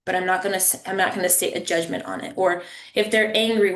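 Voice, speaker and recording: A woman's voice: medium pitch, steady tone, quick pace, echoey room. A woman presenting a family engagement webinar over a video call, talking in a conversational way and checking in with listeners. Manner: warm, conversational, checks in with "right?" and "okay?".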